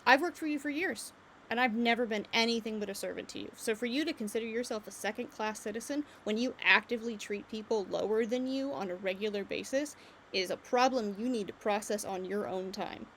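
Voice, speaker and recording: A woman gives voice to a sharp-tongued former lady's maid in a tabletop game. She scolds and lectures steadily, with no softening. There is a faint hiss behind her. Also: fairly high pitch, brisk. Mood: scolding.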